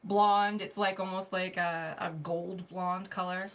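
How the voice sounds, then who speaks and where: A woman's voice: on the low side, level tone, measured pace, a bit bright. A woman hosting a livestream, chattily describing wig colors. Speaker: wig reviewer and livestream host. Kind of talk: casual product chat.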